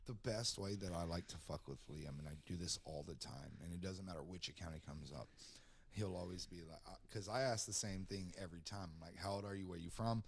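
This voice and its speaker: A man with a somewhat low voice trades casual, brash banter. He swears freely and talks with easy swagger. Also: a little fast. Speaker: show guest. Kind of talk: casual chat.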